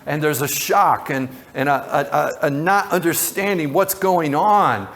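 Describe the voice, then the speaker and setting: A man's voice: a little high, steady tone, unhurried, fairly bright tone. A man who is a pastor, preaching a sermon in a loose, conversational way with tangents and repeated words.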